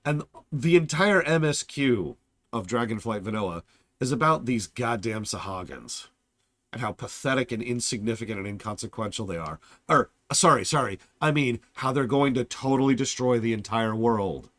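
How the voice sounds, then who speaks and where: Sarcastic, animated male game streamer. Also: mid-range voice, normal speed, no room sound. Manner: blunt, sarcastic, theatrically animated. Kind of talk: casual stream commentary.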